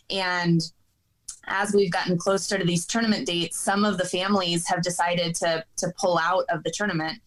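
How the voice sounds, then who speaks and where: A woman softball coach speaking as a podcast guest, in a measured, reflective, casual way. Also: on the low side, low-quality recording. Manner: measured, reflective, with small restarts.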